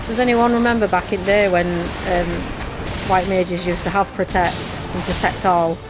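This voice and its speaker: A woman's voice: lowish voice, fairly even intonation, moderate pace, music in the background, poor audio. A woman with a Yorkshire accent chatting and rambling through casual gameplay commentary. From Yorkshire, England. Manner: chatty and rambling, with restarts and British slang. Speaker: let's play gamer.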